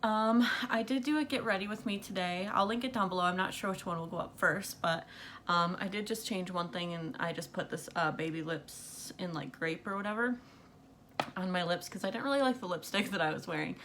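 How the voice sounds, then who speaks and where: A young woman with a slightly low voice talks to her camera in a loose, rambling way, with plenty of fillers and quick laughs. She sounds a little out of breath. Soft room noise hums faintly behind her. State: out of breath from pregnancy. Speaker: beauty vlogger. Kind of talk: casual makeup chat to camera. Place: bedroom at night under bright light.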